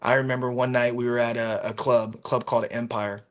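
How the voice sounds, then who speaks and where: A man hosting a casual stream, his voice sitting at an ordinary middle pitch. He tells animated, profane stories and acts out what people said. He sounds like he is on a video call. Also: fairly quick. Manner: animated storyteller, swears freely, acts out quotes. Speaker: stream host. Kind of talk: casual chat.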